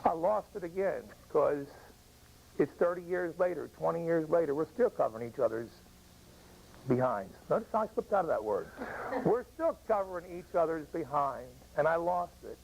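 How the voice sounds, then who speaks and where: An older American veteran tells a personal war story, his voice gravelly and husky and pitched a little high. He speaks in an emotional, halting way, with long pauses between phrases. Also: animated, darkish tone, poor audio. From United States. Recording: old radio broadcast recording.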